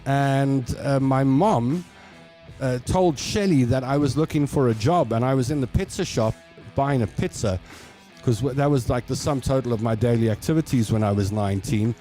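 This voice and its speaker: A man's voice: mid-range voice, moderate pace, warm tone, faint music behind. A man with a South African accent hosting a show, telling rambling personal stories in a casual way. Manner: chatty, rambling anecdotes with repeats. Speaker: show host. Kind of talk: casual storytelling.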